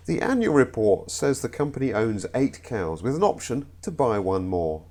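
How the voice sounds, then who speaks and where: Playful man reading jokes, lively pitch. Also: moderate pace. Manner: playful, self-mocking. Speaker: comedy narrator. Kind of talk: jokey scripted narration.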